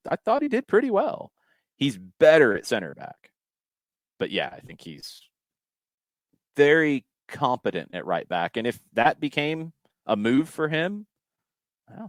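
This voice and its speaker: A man's voice: mid-range voice, wildly swooping pitch, moderate pace, no room sound. A man hosting a casual soccer podcast, reading out listener questions and thinking aloud with frequent restarts and fillers. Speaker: podcast host.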